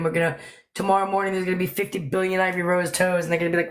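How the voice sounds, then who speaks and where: A woman hosting a casual live stream chat who laughs often and talks in an animated way. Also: on the low side, very fast.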